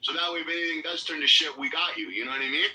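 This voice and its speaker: A man telling a long story in casual podcast chat, animated and swearing freely, acting out what people said. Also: fairly high pitch, rapid-fire, poor audio. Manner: animated, swears a lot, acts out quotes.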